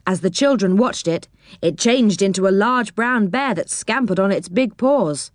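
A woman with a mid-range voice narrates a children's storybook in a lively, expressive way at a moderate pace. The recording is clean studio sound with no echo.

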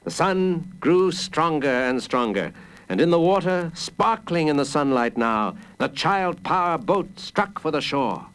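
A man reading a children's adventure story aloud in an expressive, dramatic way. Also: a little high, measured pace, clean tone, poor audio. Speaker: narrator.

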